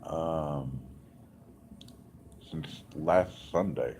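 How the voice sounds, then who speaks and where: A man's voice: rumbling low, very slow, a little mellow, slight background noise. A man in a hospital room giving a casual, rambling update, telling stories with many asides. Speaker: vlogger.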